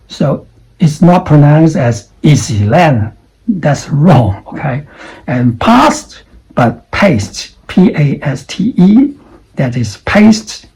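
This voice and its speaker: A man's voice: on the high side, gravelly, mellow, husky, rough recording. A man teaching English pronunciation, drilling single words over and over and stopping to quiz the viewer. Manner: drills words slowly, repeats sounds, asks the viewer questions. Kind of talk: pronunciation lesson.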